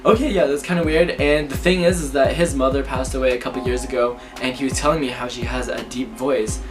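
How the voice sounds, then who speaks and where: A young man telling spooky personal stories to camera in a lively, chatty way. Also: medium pitch, a little fast. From Canada. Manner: lively, chatty, acts out his reactions, laughs often. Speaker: vlogger. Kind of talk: casual storytelling to camera. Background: background music.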